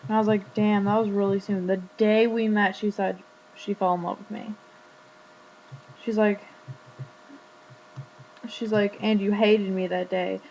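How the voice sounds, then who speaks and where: A teenage girl tells a story straight to her webcam, stringing it together with "like" and quoted lines. Her voice stays mostly level in pitch. The audio is dull and lo-fi with a faint hum underneath. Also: flat delivery, measured pace, vocal fry, pauses often, a little mellow. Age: teens. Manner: chatty, retelling a conversation with lots of "like". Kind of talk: casual storytelling vlog.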